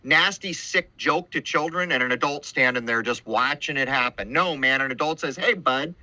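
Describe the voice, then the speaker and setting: Bright, emphatic man hosting a podcast. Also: medium pitch, moderate pace, no echo, low-quality recording. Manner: emphatic, lectures with mock quoted voices. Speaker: podcast host. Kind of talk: casual conversation.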